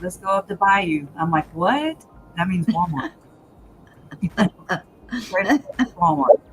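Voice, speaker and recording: A woman's voice: low voice, a little hiss or hum, rough recording. Laughing woman chatting on a livestream. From Louisiana. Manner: laughs often, says "y'all". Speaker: livestream host. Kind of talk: casual chat.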